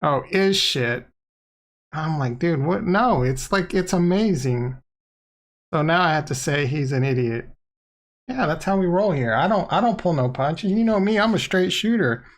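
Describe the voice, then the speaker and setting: A man's voice: on the high side, expressive, moderate pace. Casual male crypto streamer, blunt and rambling, goofy asides, close desk mic. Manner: loose, rambling, playful, blunt. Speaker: crypto YouTuber. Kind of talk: casual livestream talk. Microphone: desk microphone.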